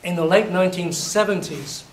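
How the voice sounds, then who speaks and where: Man, university lecturer, lively storyteller, slightly hoarse, echoey room. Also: high voice, normal speed. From England. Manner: lively storytelling, acting out examples. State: voice a little hoarse. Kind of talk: classroom lecture. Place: lecture hall. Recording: echoey hall, distant mic, faint noise.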